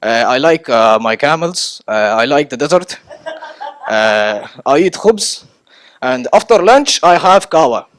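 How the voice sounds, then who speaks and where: A young man putting on a slow, halting, simple-minded man who fills every gap with uh. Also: medium pitch, expressive, voice pushed down, natural voice. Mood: plodding.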